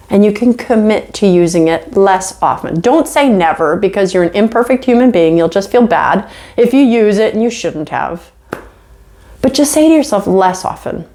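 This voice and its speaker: Brief: middle-aged female instructor, conversational lecture video, animated and self-mocking. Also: medium pitch. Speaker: college instructor.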